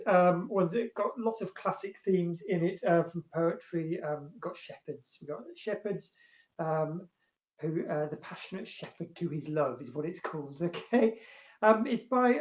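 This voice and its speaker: A man who works as a librarian, chatting casually at home and reading love poems aloud, with many fillers and a louder, more expressive voice when he recites. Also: high-pitched, moderate pace. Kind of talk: casual chat and poetry reading. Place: at home, indoors. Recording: roomy, dull home recording.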